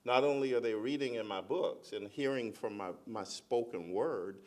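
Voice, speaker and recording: A middle-aged man on a conference panel, a school principal telling a lively personal story and acting out the voices of the people in it. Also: mid-range voice, normal speed. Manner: animated storyteller, acts out quoted voices.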